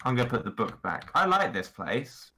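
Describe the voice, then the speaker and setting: A man's voice: medium pitch, very animated, moderate pace, background noise. A young man casually chatting while streaming a game, rambling and joking and often repeating himself. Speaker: streamer judging builds. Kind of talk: casual gaming stream chat.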